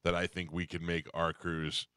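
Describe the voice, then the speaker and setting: A man's voice: sits low, completely flat delivery, sharp tone, clean tone, no echo. A man hosting a morning radio show, telling loose stories in casual chat. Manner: loose storytelling, quick asides.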